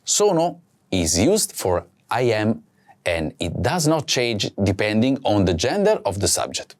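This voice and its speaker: A man hosting a language lesson, speaking slowly and clearly and saying each word twice for practice. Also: on the low side, very animated. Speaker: language teacher host. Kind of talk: slow scripted lesson with repeat-after-me drills.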